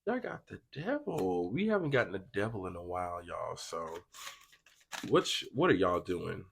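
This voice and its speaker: A man's voice: low-pitched, very animated, moderate pace, creaky, a little hiss or hum. A young man giving a casual pick-a-card tarot reading, chatty and slangy, talking straight to his viewers. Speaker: tarot reader.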